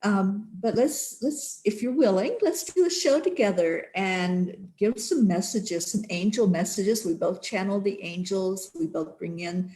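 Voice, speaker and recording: A woman's voice: medium pitch, measured pace, few pauses, dark tone. A woman hosting a spiritual talk show, often murmuring agreement as she listens. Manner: affirming, frequent agreeing murmurs. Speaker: show host. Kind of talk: conversational interview.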